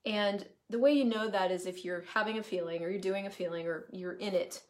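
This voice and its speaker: A woman's voice: mid-range voice, fairly quick, darkish tone. A woman talking casually on a live video, chatty and emphatic, greeting viewers as she goes and swearing freely. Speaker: certified facilitator hosting a live video. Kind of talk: casual live-stream monologue.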